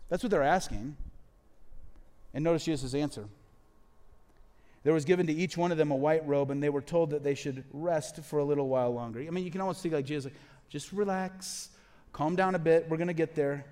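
A man preaching a sermon as pastor, animated and acting out quoted voices as he speaks. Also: a little high, brisk, pauses often, big-room sound.

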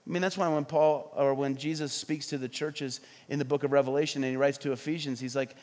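A middle-aged man preaching a sermon as pastor, animated, often acting out quoted voices. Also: medium pitch, brisk, few pauses. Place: church hall. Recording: reverberant hall.

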